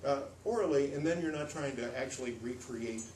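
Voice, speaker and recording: A man's voice: fairly quick, distant mic, a little hiss or hum. Playful American man in an echoey room. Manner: lively, playful, demonstrative, swings pitch and pace for effect. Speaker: storytelling workshop presenter. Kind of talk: live workshop talk to an audience. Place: hall with a live audience.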